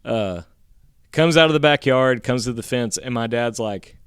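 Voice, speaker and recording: A man co-hosting a podcast, telling a rambling, profane story in casual chat and getting animated when he quotes others. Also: mid-range voice, moderate pace, clean tone, no echo, studio quality.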